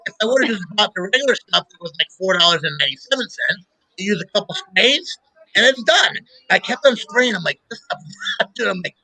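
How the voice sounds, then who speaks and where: Middle-aged male host, bright high voice; lively storyteller who laughs a lot. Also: a little fast, gravelly, slightly rough, no echo, rough recording. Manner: animated storyteller, laughs often. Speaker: show host. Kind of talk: casual radio-style chat.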